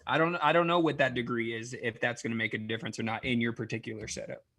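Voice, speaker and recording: A man's voice: mid-range voice, fairly even intonation, quick pace, a bit bright. A man hosting a podcast, talking in a thoughtful, reflective way, with frequent "you know"s as he draws lessons from the stories. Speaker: podcast host. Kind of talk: casual reflective chat.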